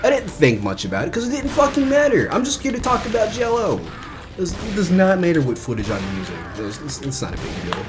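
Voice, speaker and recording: A man's voice: high voice, brisk, music in the background. A man co-hosting a casual gaming chat, rambling and swearing freely. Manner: rambling, animated, swears a lot. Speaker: gaming co-host.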